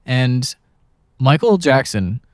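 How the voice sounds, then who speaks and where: A man hosting a casual podcast, telling anecdotes in a lively, animated way. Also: mid-range voice, takes it slowly, no room sound, studio quality. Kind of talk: casual podcast chat, storytelling.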